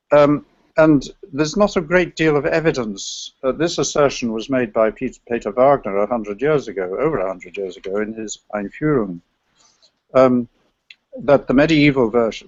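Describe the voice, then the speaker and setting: A man presenting an academic paper on medieval chant, speaking in a scholarly, digressive way with a gravelly voice. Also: mid-range voice, no echo, dull audio.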